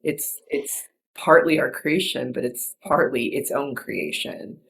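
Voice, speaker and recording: In a relaxed, reflective chat, a woman podcast host speaks slowly in a rumbling low voice with a gravelly, creaky edge. She rambles earnestly and softly, circling back with fillers and restarts.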